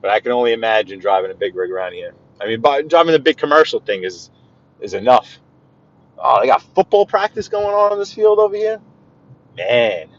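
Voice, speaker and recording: A man's voice: mid-range voice, highs cut off. A man giving rambling, playful commentary from inside his car while driving through the city. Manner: chatty, rambling, with frequent restarts and playful asides. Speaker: driving vlogger giving a live tour. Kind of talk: casual live-stream driving commentary.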